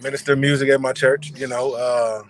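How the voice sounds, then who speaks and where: A man joining an online panel by phone, speaking in a relaxed, plain-spoken way. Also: medium pitch, fairly quick, a little hiss or hum, rough recording. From Houston area. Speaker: panel guest, minister of music. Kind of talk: casual online panel chat. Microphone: phone on a video call.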